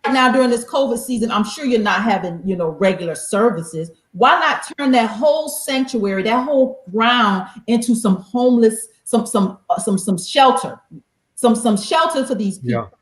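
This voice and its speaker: A woman hosting a heated call-in debate, pressing her guest with sharp, pointed questions. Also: on the high side, lively intonation, normal speed, roomy sound. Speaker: host.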